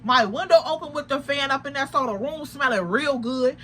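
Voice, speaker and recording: A young adult woman telling a personal story to her viewers, casual and animated, full of slang and emphatic asides. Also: high voice, brisk, slight background noise. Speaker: vlogger.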